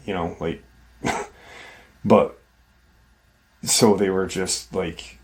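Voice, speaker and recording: A man with a very low voice retells a frightening encounter at an unhurried pace. He talks casually, slipping into the quoted people's lines and filling the gaps with "like" and "you know". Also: fairly even intonation. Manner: conversational, acts out quoted dialogue with many "like" and "you know". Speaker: host retelling a viewer's encounter. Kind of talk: casual spoken retelling of a paranormal account.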